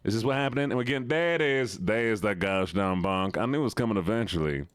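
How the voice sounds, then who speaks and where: A man streaming games, chatting casually with viewers in a put-on Southern drawl, playful and quick to repeat himself. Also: on the low side, lively intonation, smooth, no room sound, studio quality. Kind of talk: casual live-stream chat.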